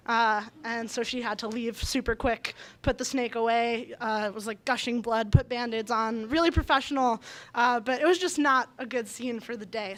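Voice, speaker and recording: A young woman telling a personal story live on stage in a small bar, chatty and animated, often laughing mid-sentence. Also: a little high. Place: small bar venue, indoors.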